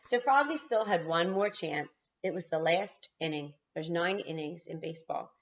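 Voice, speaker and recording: A kindergarten teacher reading a picture book aloud to her class, animated and talking straight to the children. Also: lowish voice, normal speed, muffled recording, a little hiss or hum. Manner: animated, talks straight to the kids.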